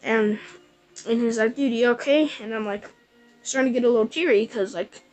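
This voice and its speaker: Woman, high voice, casual storytime vlog, rambling delivery, faint music behind. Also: fairly even intonation, moderate pace, darkish tone, low-quality recording. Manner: rambling, breathless retelling with many likes. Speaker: gaming vlogger.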